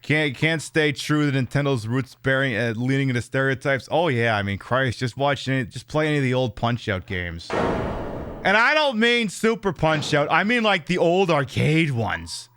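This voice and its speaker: A man's voice: mid-range voice, big pitch swings, normal speed, a bit bright, smooth. A man casually chatting through a livestream of a horror game, rambling and reacting to chat with lots of fillers and repeated words. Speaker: streamer playing a horror game.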